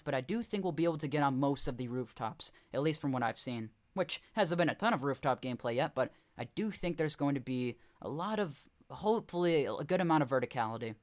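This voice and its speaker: A young man casually commenting on game footage during a live stream, rambling and correcting himself with chuckling asides. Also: on the high side.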